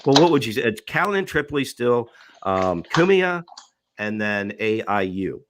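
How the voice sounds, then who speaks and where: Lively-voiced man chatting on a podcast. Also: medium pitch, normal speed, background noise. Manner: laughing, imitates callers and hosts. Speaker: podcast co-host. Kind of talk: casual chat.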